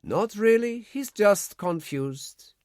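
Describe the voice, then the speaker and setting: A man doing a calm German nurse. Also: high voice, takes it slowly, no room sound, studio quality, voice pushed up. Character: young German baroness nurse, woman, calm.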